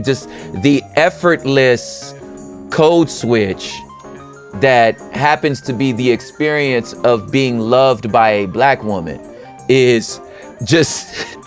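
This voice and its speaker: A man hosting a podcast, giving casual, expressive commentary in a conversational way. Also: medium pitch. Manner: expressive and conversational, slips into playful quoted voices. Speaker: podcast host.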